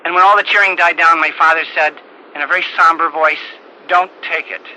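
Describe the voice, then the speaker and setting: An older man, a priest, telling a personal story in a halting, earnest way with frequent repeated words. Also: a little high, steady tone, sharp tone, low-quality recording. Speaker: priest giving a talk. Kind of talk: storytelling talk. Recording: old tape recording with faint hiss.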